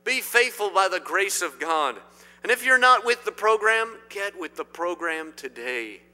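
Middle-aged preacher from indiana, sharp bright voice, goes loud then hushed, big church echo. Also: male voice, high voice, lively intonation, measured pace. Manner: emphatic, swinging between loud declarations and quiet asides. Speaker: pastor. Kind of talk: sermon. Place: church sanctuary. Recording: long hall reverb.

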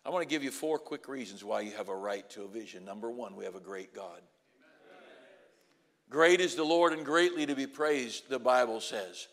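A man preaching a sermon to college students and graduates, moving from quiet storytelling to loud, rising exhortation. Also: medium pitch, lively intonation, moderate pace, big-room sound. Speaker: pastor.

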